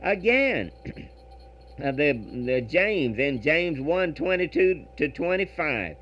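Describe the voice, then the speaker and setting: A man preaching over a radio broadcast, earnest and reading scripture in a measured cadence. His fairly high voice rises and falls with animation. The recording sounds dull and lo-fi, like an old broadcast. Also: very animated, a bit bright. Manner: earnest, reads verse in measured rhythm, repeats words.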